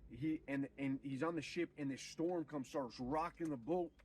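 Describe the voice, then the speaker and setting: A man streaming, retelling a story in an animated, profane, preachy way. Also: on the high side, moderate pace, slightly rough, recorded from a distance, low-quality recording. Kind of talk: casual storytelling on a livestream.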